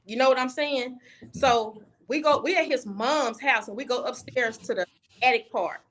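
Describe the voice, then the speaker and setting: Bright-voiced woman telling her story bluntly. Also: on the high side, moderate pace. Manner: candid, blunt, with frequent restarts. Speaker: guest. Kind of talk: personal storytelling. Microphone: video call.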